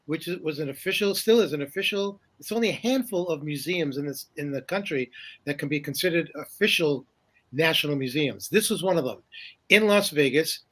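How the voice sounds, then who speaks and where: Older man telling stories, slightly high voice. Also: fairly quick, a bit bright. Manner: rambling, with many fillers and restarts; chuckles often while telling stories. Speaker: guest, paranormal journalist. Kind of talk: casual interview storytelling.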